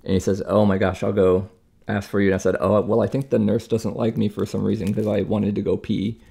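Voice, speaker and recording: A man's voice: lowish voice, flat delivery, a little fast, vocal fry, warm tone, husky. A young man talking casually in an exasperated, chatty way, acting out other people's lines as he tells a story at home. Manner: chatty, exasperated retelling with acted-out quotes. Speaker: vlogger recovering from surgery. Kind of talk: casual storytelling while cooking.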